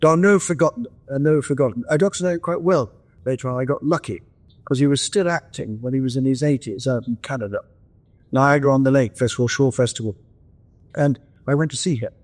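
An older man, a guest in an interview, telling reflective stories in a gentle, anecdotal way with frequent restarts, speaking over a video call from his countryside home. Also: mid-range voice, fairly quick. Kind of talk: reflective storytelling.

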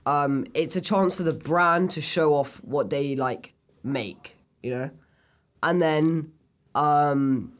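Guy gushing about a movie on a podcast, lots of likes and ums. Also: on the high side. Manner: enthusiastic, rambling with many fillers. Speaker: podcast co-host. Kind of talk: casual film review chat.

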